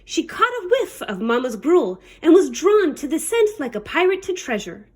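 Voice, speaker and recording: A woman's voice: high-pitched, very animated, moderate pace, a little mellow. A woman librarian reading a children's picture book aloud, with playful pirate talk. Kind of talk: storybook read-aloud.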